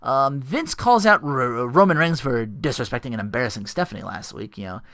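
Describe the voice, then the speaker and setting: Man, podcast host, casual wrestling recap, rambling, swears a lot, laughs often, bright tone, dry close home mic. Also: mid-range voice, animated, dry recording. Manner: rambling and profane, quick to laugh. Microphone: home podcast microphone.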